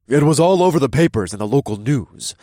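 A short-tempered male cultist growls his complaints loudly, voiced by a man. The voice is husky and clipped with irritation. It is an audiobook figure. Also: mid-range voice, quick pace, no room sound, clean studio sound, pitched above the performer's own voice, close to an everyday voice. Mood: growling. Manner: growling, exasperated.

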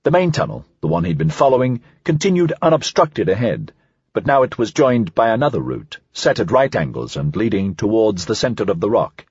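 Husky guy narrating an audiobook, lively pitch, dry dull-sounding recording. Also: normal speed, no echo. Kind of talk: scripted narration.

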